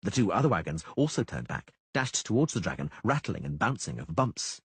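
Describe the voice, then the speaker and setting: A man's voice: low voice, sing-song, brisk, hardly any pauses, breathy edge, no room sound. A man narrating a fantasy audiobook with a dramatic delivery on a close studio mic.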